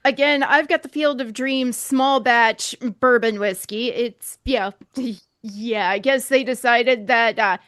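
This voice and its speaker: High-voiced woman, dry and understated. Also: slow, few pauses, fairly bright tone, smooth, dry recording. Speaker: podcast co-host. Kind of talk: casual chat on a bourbon tasting stream.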